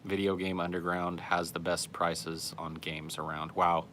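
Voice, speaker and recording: A man's voice: low-pitched, level tone, a little slow, a bit bright, a little hiss or hum. A man hosting a podcast, reading out listener comments in casual chat with a sarcastic, profane, offhand manner.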